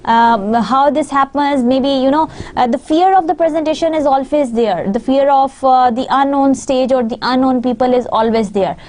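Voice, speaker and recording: A woman's voice: sits high, moderate pace, few pauses, darkish tone. A woman lecturer teaching a class from slides, talking with frequent fillers and repeated phrases. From Pakistan. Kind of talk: online lecture over slides.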